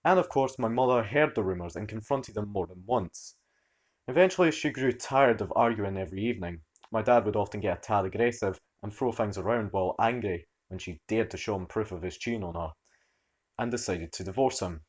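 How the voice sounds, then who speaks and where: A man narrating online stories in an animated, expressive storytelling manner. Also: lowish voice, a little fast.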